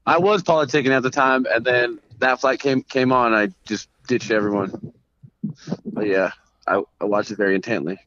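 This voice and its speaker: A man, a professional fighter, calling in as a guest, relaxed and quick to laugh. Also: medium pitch, no echo, dull audio. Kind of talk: casual phone interview.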